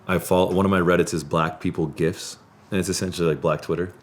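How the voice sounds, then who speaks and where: A man hosting a podcast in a studio, telling animated stories in casual chat and laughing often. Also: deep voice, fast talker. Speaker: podcast host.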